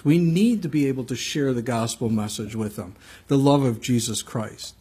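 A pastor delivers a conversational sermon, reading scripture and telling stories with frequent asides to the congregation. His male voice is medium-pitched, dark and slightly rough, at a moderate pace.

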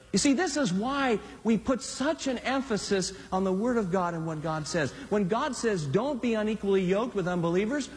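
A male pastor delivers a sermon with lively, swooping delivery, his voice sitting high for a man. He talks to the congregation casually, then drops low for emphasis. A long reverb trails every phrase. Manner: animated, conversational preaching with dramatic swings.

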